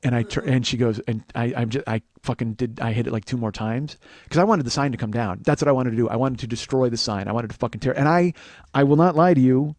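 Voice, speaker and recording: A man in his forties hosting a comedy podcast, telling a profane story and breaking into shouts as he reenacts an argument. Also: medium pitch, fast talker, no room sound. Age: 40s. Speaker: podcast host.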